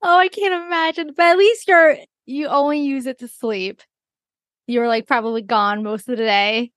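A woman's voice: high-pitched, steady tone, normal speed, fairly bright tone, no room sound. Lighter-voiced woman, casual, dry. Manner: responsive listener, laughs easily. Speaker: podcast co-host. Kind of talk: casual chat.

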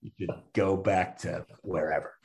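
A man's voice: deep voice, moderate pace, creaky, slight background noise. A man telling a story in casual chat, full of fillers and restarts, laughing often and acting out what people said. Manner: animated storyteller, acts out quotes, laughs often. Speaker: stand-up comedian guest.

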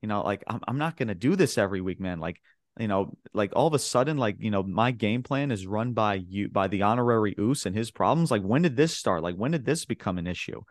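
A man with a fairly low voice talks through a wrestling show in a loose, rambling way. He leans on filler words and slips into the voices of the people he quotes. The sound is dry and close. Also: expressive, a little fast, no room sound. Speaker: podcast co-host. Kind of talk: casual wrestling recap chat.

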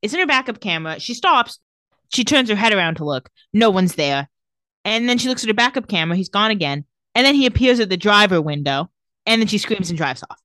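Woman retelling a show, acting out lines, very lively voice, dry mic. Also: medium pitch, brisk, no echo. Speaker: podcast co-host recapping a TV episode. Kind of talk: casual chat.

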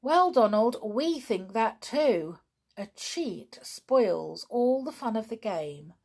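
A woman voicing a calm, clever young boy who explains things patiently and reasonably. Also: on the high side, takes it slowly, voice pushed up, heavily acted. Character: calm, clever boy teaching a friend a lesson.

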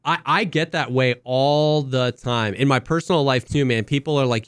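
A man's voice: medium pitch, moderate pace, fairly bright tone, clean tone, no echo. A man co-hosting a casual podcast who talks intensely and emphatically. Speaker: podcast co-host.

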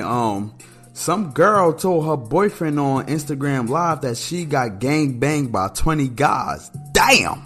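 A man hosting a casual solo podcast, talking bluntly and profanely and leaning on "man" as filler. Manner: animated, pitch jumps when outraged or amused.

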